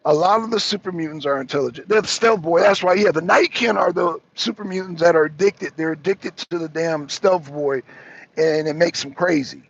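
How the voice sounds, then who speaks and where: High-pitched guy in his truck cab, gravelly voice, cussing and rambling, kinda muffled. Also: normal speed. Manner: profane, rambling, self-interrupting. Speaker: truck driver calling in to a talk show. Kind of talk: casual chat.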